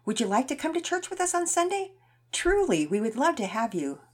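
A sweet, welcoming mother, gentle and warm-hearted, speaking in a lifted, lilting voice, as a woman puts her on for a storybook. Her lines rise well above the narration. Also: big pitch swings, fairly quick. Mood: inviting. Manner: sweet, raised-pitch inviting tone.

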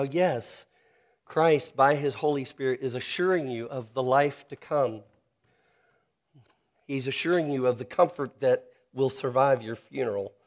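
A man preaching a sermon, earnest and personal, slowing down to stress key phrases. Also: mid-range voice, darkish tone. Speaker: pastor.

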